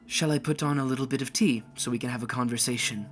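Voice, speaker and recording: A man's voice: mid-range voice, fairly even intonation, fairly bright tone, soft background music, lightly acted. A man voicing a powerful, bemused stranger in a tabletop game who speaks in an easy, courteous way. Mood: amused. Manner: unhurried, amused, courteous.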